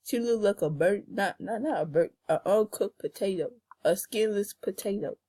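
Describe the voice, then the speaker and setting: A young woman, in casual teasing banter with a friend, loud and playful. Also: mid-range voice, normal speed, slightly rough. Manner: playful, loud, whining hums.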